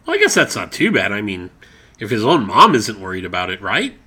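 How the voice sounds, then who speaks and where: Lively, bright-voiced man hosting comedic banter. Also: lowish voice, brisk, slightly rough. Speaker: comedy podcast host. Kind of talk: comic in-character banter.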